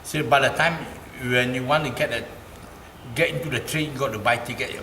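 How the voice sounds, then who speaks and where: A man with a Malaysian English accent recounts a personal story in an animated, repetitive way. His voice sits in a middle register. He was recorded in a roomy space with clear background noise behind him. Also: a little fast. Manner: animated, repeats phrases, gets louder and higher in quoted speech. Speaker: interviewee. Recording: roomy, noisy ambience.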